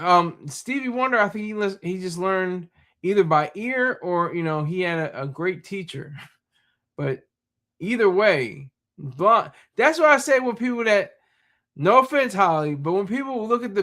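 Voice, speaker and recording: Casual male streamer, high voice, bright tone, chatty and laughing. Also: lively intonation, unhurried. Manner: rambling, laughs often, talks to chat. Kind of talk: casual live-stream chat.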